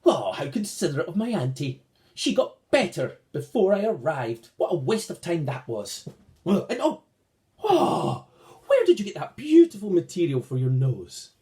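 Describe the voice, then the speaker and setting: A man voicing a grumpy, impatient male red goblin with a long nose in a told picture story, his voice lively and swooping. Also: moderate pace. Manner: grumbling, then wailing high and tearful.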